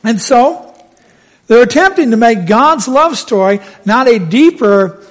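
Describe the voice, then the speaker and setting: High-voiced male preacher, animated storytelling. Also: unhurried. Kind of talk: sermon.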